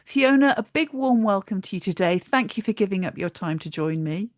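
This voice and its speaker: A woman hosting a podcast interview, introducing her guest and asking questions with lively lifts at the start of phrases. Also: mid-range voice, fairly quick, no room sound, studio quality. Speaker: podcast host.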